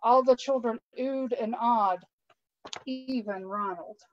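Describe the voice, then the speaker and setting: A woman with a fairly high voice reads a children's picture book aloud, expressive and warm with the little asides she tosses to her listeners. The sound is dull and lo-fi, like online stream audio. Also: slow pace, slight background noise. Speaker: guest storytime reader.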